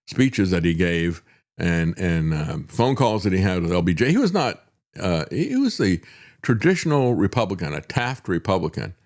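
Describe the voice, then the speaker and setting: An older man hosting a talk show, giving a sarcastic political monologue with chuckling asides and frequent "uh" fillers. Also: on the low side. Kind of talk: opinionated political commentary monologue.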